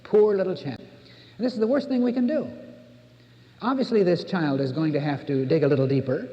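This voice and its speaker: A man's voice: on the high side, moderate pace. An older American man giving an earnest sermon as a minister, repeating words for emphasis. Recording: dull old cassette recording in a reverberant hall.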